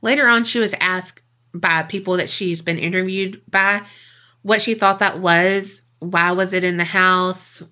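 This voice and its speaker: A woman's voice: lowish voice, fairly even intonation, a little slow, pushed and bright. A woman co-hosting a podcast, telling a spooky story in a chatty, casual way and swearing freely. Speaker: podcast co-host.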